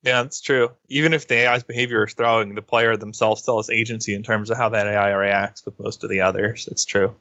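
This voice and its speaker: Bright-voiced opinionated podcast man. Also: on the low side, little pitch movement, brisk, few pauses, no echo, highs cut off. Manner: frank, opinionated, laughs often. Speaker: podcast co-host. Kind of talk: casual game discussion.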